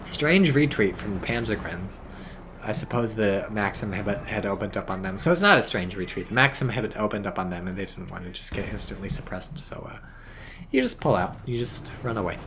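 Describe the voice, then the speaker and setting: A man giving casual, rambling game commentary full of swearing, tired and a bit drunk, with sudden bursts of excitement. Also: on the low side, a little fast, background noise.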